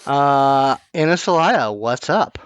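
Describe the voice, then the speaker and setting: A man running a tabletop game as game master, narrating in halting bursts with many restarts. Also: medium pitch, lively intonation, smooth, no echo. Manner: halting, full of restarts and fillers. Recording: dull lo-fi online call audio.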